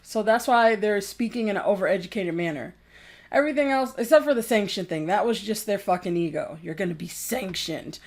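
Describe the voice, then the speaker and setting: A woman's voice: mid-range voice, expressive, fairly quick. A woman vlogger giving a profane, exasperated and mocking rant about forum rules. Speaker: game reviewer vlogger. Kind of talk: angry rant commentary.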